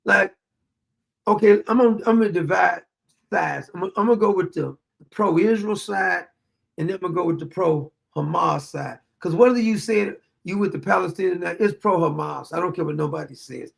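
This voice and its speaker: A man's voice: sits high, normal speed, vocal fry. A man hosting a political commentary show, talking bluntly and defiantly in a profane, unscripted rant and often repeating himself.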